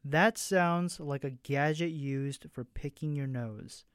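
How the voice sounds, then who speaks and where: A man voicing a bold, teasing young alien woman who speaks in a hushed, wry voice. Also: on the high side, takes it slowly, smooth, no echo, studio quality.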